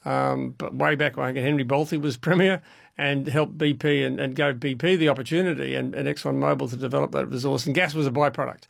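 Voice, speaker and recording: A man, an expert guest calmly explaining energy issues on call-in radio, with frequent restarts. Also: mid-range voice, brisk, vocal fry, dry recording, studio quality.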